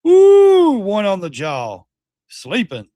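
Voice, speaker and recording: A man's voice: on the high side, animated, normal speed, slight background noise. A middle-aged man hosting a livestream, bluntly and animatedly commenting on clips, swearing and mocking. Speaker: livestream host. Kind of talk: casual commentary.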